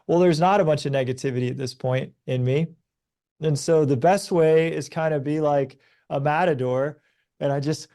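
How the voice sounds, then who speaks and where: A man in his thirties, a podcast guest, talking earnestly and telling stories in a relaxed conversation. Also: fairly high pitch. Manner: earnest, storytelling, animated when recounting events. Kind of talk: conversational advice talk.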